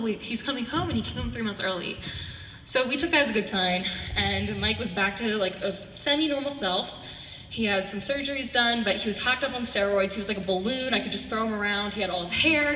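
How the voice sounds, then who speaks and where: A woman's voice: medium pitch, bright, forceful tone, roomy sound, in a large hall, recorded from a distance, a little hiss or hum, low-quality recording. A teenage girl giving a casual personal speech at a charity event, chatty and full of "like", acting out quotes as she goes. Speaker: student speaker at a charity event.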